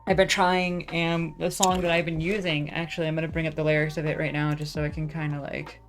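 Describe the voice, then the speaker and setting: A woman's voice: low voice, level tone, brisk, soft background music. A young woman chatting casually on her vlog, rambling, self-deprecating and swearing freely with lots of fillers. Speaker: vlogger.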